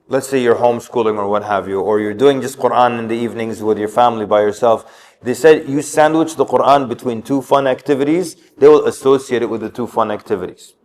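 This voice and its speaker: Male speaker, mid-pitched, lively storyteller giving an informal religious talk; long reverb of a big hall. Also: fairly quick. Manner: storytelling, acts out quotes. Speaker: community speaker. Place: mosque hall.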